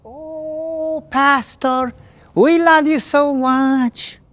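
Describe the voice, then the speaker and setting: A man imitating an overly pious woman who talks in a soft, gushing, very high voice. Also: steady tone, drawn-out words, no room sound, full character voice.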